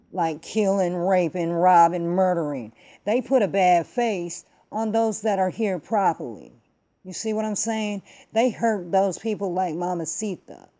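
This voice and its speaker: A woman with a medium-pitched, dark-toned voice hosts her own vlog. She tells a story and rants about politics, using emphatic, profane, slangy language.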